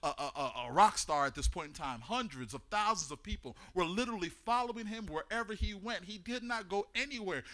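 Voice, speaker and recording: Male preacher, high and bright, very lively delivery, shouts and chants, casual slang. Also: brisk, hardly any pauses. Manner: animated, builds to shouting, chanting cadence. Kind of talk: sermon.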